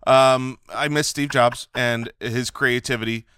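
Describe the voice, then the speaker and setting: A man's voice: medium pitch, measured pace, clear, resonant tone, no room sound, studio quality. A man co-hosting a podcast, chatting casually and ranting in a joking way. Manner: animated, joking rants with laughs. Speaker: podcast co-host. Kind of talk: casual chat.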